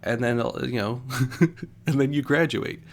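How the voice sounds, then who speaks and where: Young man, gravelly voice, casual rambling chat, faint hum behind. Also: medium pitch, unhurried. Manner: rambling, lots of fillers and restarts. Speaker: streamer host.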